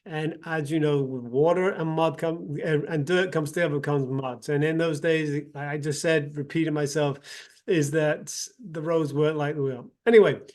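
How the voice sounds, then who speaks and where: A man's voice: a little high, steady tone, moderate pace, darkish tone. A man giving an earnest motivational talk as a self-development practitioner, telling a parable with frequent restarts and repeated words.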